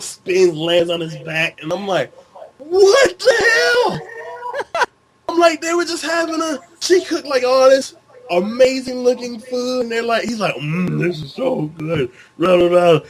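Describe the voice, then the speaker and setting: A man's voice: very high-pitched, slight background noise. A man co-hosting a casual chat, retelling scenes with acted-out lines and sound effects. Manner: animated storytelling, acts out scenes with sound effects. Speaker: co-host.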